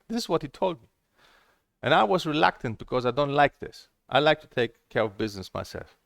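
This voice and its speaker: Blunt ranting male vlogger, gravelly and lively, dry close sound, swears freely. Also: a little high, a little fast, no echo. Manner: blunt, heated and profane; repeats himself, restarts phrases. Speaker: table tennis game vlogger. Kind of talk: casual ranting monologue.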